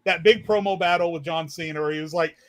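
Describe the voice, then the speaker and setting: A man on a podcast in casual chat, telling a story with excitement. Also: on the high side, fast talker, crowd noise. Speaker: podcast co-host.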